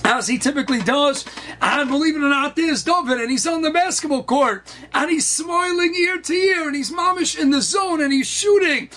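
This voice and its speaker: A man telling an inspirational story in an animated, emphatic way, sprinkling in Hebrew and Yiddish terms. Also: extremely high pitch, normal speed. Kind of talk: inspirational story at a wedding celebration.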